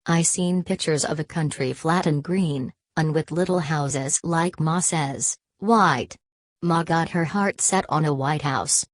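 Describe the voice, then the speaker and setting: A woman's voice: sits low, takes it slowly, dry recording. A woman reading as a blunt young country man.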